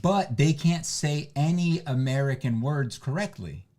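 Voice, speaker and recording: A man's voice: a little high, measured pace. A man who immigrated to the country, chatting casually on a livestream with lots of restarts and asides. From immigrant, foreign-born. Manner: rambling, animated, lots of restarts. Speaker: livestream co-host. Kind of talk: casual chat.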